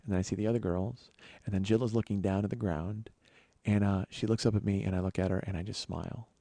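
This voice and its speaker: A man's voice: lowish voice, fast talker, creaky, no echo. Guy on his podcast telling a story, swears a lot, gets all riled up, dry close sound. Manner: profane, excitable, voice rising when worked up. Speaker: podcast host. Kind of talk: storytelling monologue.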